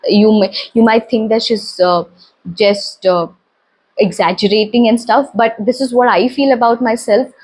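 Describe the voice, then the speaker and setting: A woman who speaks Telugu as her first language, teaching English slowly and earnestly in a casual talk to camera. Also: sits high, breathy edge. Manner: slow, earnest, encouraging.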